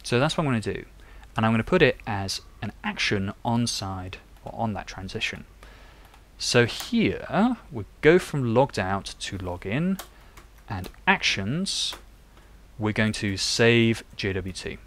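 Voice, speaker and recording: A man's voice: fairly low pitch, sing-song, a little slow, a bit bright. A young man chatting and thinking aloud while he codes live on stream. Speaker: developer live-coding on stream. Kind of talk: live coding tutorial.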